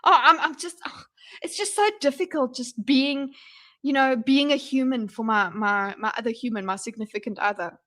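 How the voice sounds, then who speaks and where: A woman streamer reacting live to a video, rambling and excitable, breaking into loud yelps to her chat. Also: high voice, normal speed. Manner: excitable, rambling, bursts into yelling.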